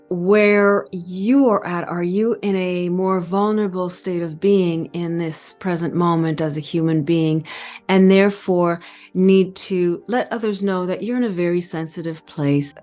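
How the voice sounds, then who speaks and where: A middle-aged woman giving a calm, earnest spiritual talk, pausing and stretching words. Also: lowish voice. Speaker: spiritual channel host. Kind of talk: reflective spiritual talk to camera.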